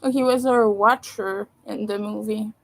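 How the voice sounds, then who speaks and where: A woman's voice: mid-range voice, fairly even intonation, normal speed, vocal fry, poor audio. A sleepy woman on a casual livestream from home, rambling and apologizing as she thinks aloud. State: sleepy, yawning.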